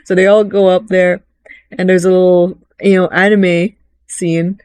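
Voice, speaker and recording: A woman giving a casual, rambling recap of a video game, chatty and animated, often slipping into quick voices for the characters. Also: fairly low pitch, smooth, no echo. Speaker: gaming vlogger.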